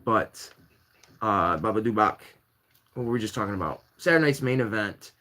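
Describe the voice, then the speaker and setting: Rambling jokey male live-stream host. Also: moderate pace. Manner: rambling, jokey, lively swings in pitch while building Lego. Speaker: host of a live variety show. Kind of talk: casual live-stream chat.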